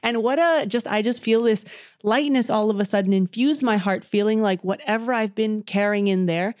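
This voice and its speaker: A woman with a mid-range voice talks warmly and reflectively, asking listeners to pause and think. She speaks at an unhurried, everyday pitch and pace. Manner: reflective, gently guiding. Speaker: podcast co-host. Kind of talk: casual spiritual chat.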